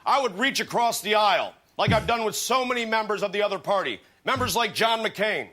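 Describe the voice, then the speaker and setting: An actor playing an earnest, rambling older senator with a Pennsylvania accent in a sketch comedy debate parody. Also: male voice, high voice, expressive, brisk, pushed and bright, full character voice. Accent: Pennsylvania American. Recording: TV sketch with audience laughter. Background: studio audience laughter.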